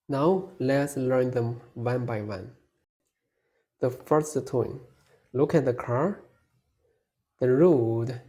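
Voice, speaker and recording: A man leads a beginners' pronunciation lesson at an extremely slow, careful pace. His voice sits at an ordinary middle pitch, and he stretches out each model syllable so the listener can copy it. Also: mellow. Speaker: language teacher.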